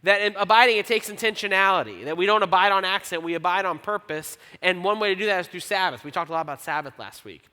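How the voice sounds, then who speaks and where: A man preaching a sermon as pastor, conversational and self-deprecating, reading scripture slowly. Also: high-pitched, sharp tone. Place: church auditorium. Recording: long church hall reverb.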